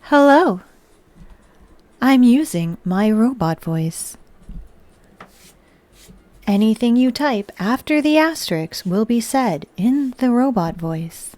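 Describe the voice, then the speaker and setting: A monotone machine announcer speaks in measured, even phrases , voiced by a woman. It's pitched a touch high and unhurried, like a synthetic public-address system. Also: no room sound. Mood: robotic. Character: flat robotic announcer voice, female machine. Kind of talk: livestream chat bit.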